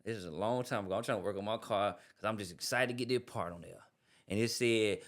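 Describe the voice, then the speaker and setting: A man co-hosting a podcast who tells a personal story in an animated way, dropping quiet and then rising loud. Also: on the low side, quick pace. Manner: animated, swings from hushed to loud. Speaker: podcast co-host. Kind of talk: casual storytelling.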